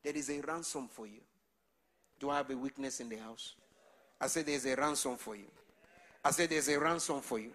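A male preacher delivering a sermon with call-and-response. His voice sits a little high for a man. He builds his lines up until he is shouting. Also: measured pace.

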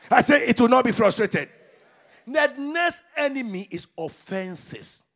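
A man preaching a sermon as pastor, with fervent call-and-response delivery that swings between shouted declarations and low murmurs. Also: big pitch swings, unhurried, creaky.

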